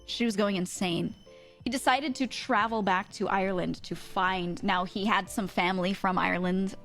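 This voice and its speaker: A woman's voice: mid-range voice, fairly even intonation, moderate pace, a bit bright, faint music behind. An American woman streamer telling a story in casual chat, rambling with lots of fillers and frequent laughter.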